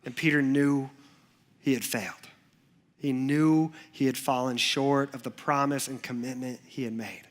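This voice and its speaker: A male youth pastor preaching a sermon in a church, telling the story in a storytelling way that moves between hushed moments and lively ones. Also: mid-range voice, measured pace.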